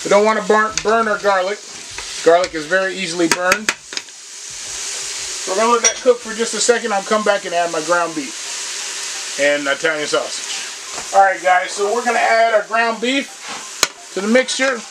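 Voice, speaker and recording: A man's voice: high-pitched, moderate pace, long pauses, background noise. A man hosting a home cooking show, chatting casually and walking viewers through each step in his kitchen.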